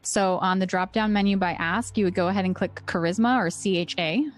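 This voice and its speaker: A woman running a tabletop game as game master, explaining rules in a relaxed, chatty way. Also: mid-range voice, fairly quick, dry recording.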